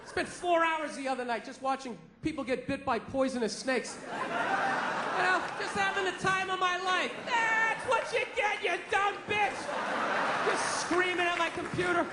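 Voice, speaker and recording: A man doing a loud, profane stand-up comedy set on a club stage, ranting and acting out store clerks in quick asides. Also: very high-pitched, steady tone. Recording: echoey live club recording with loud crowd noise.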